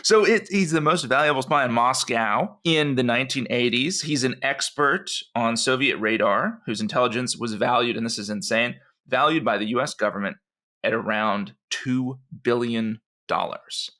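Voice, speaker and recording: A man co-hosting a podcast, telling a story in an enthusiastic, animated way. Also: medium pitch, normal speed. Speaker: podcast co-host.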